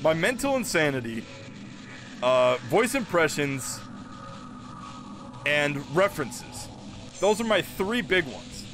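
A man streaming a video game live, chatting casually, excitable and quick to laugh and break into goofy voice impressions. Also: on the high side, over music.

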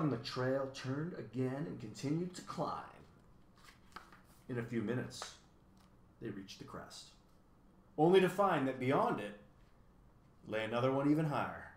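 A man narrating a storybook with an expressive, even delivery. His voice is bright and forward, with a roomy echo around it. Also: medium pitch, moderate pace. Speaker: audiobook reader.

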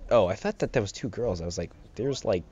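A man's voice: fairly low pitch, lively intonation, fast, darkish tone, husky. Rambling young man commenting on gameplay. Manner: rambling, jokey, laughs often. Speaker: let's play host. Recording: slightly dull home mic with game music.

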